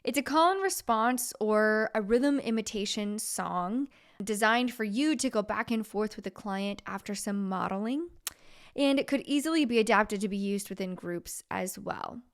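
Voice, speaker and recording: A woman's voice: mid-range voice, lively intonation, moderate pace. A woman, a music therapist and podcast host, explaining steps plainly with a few fillers and singing simple call-and-response demos. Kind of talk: teaching podcast with sung demonstrations.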